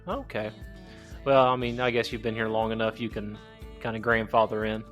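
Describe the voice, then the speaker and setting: A man's voice: on the low side, flat delivery, normal speed, a bit bright. Podcast host, male, Southern Ohio accent, chatty and easygoing, faint music behind. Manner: friendly, laughs often, chatty. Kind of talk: casual podcast interview.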